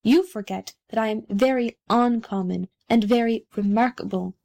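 A woman's voice: a little high, moderate pace, gravelly, warm tone. A woman voicing a pompous, conceited male firework rocket in a storybook reading, haughty and self-important. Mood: self-pitying.

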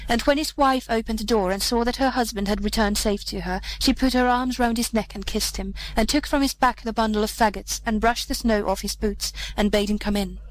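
Female narrator, slightly high voice, measured fairy-tale reading. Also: steady tone, slight background noise, low-quality recording. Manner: measured, gentle storytelling with character voices. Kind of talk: storybook reading.

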